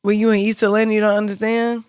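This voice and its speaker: A woman's voice: medium pitch, level tone, fast, a little mellow, clear, resonant tone, dry recording. Georgia woman on a podcast, chatty and laughing a lot, dry close sound. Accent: Georgia Southern US. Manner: storytelling, laughs often, many "like" fillers. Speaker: podcast co-host. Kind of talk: casual chat.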